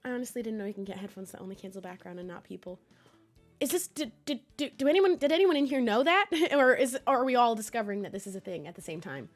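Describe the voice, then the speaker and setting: Hoarse young woman chatting with a cold. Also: fairly high pitch, big pitch swings, fast, soft background music. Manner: chatty and rambling, with frequent laughs and restarts. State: hoarse from a cold, sniffly and coughing. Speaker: streamer. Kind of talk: casual chat with viewers. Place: home.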